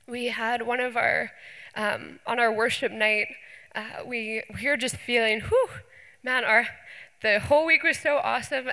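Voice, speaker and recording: A woman's voice: fairly high pitch, sharp tone. A young woman youth pastor sharing testimonies with her church, earnest and enthusiastic, with plenty of fillers. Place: church hall. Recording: church hall reverb.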